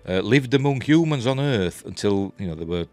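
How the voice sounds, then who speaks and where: A man with a Yorkshire accent talks through a TV episode in a loose, chatty review, stopping often for ums and restarts. His voice sits very low but swings up and down with lively pitch, and faint music plays behind him. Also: moderate pace. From Yorkshire, England. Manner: rambling, chatty, many fillers and restarts. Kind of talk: casual spoken review.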